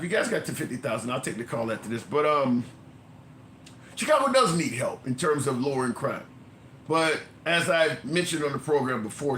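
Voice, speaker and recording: Animated man ranting in an echoey room. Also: medium pitch, slight background noise. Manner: animated, storytelling, swears freely, voice jumps up when incredulous. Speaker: host of a political call-in stream. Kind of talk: casual political commentary.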